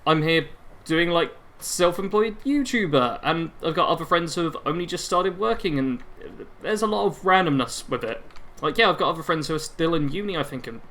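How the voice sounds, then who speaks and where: A man's voice: on the high side, expressive, fairly quick, bright, forceful tone. A man in his twenties chatting casually with his viewers while playing a game, rambling and reacting to the action mid-sentence. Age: 20s. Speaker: gaming livestreamer.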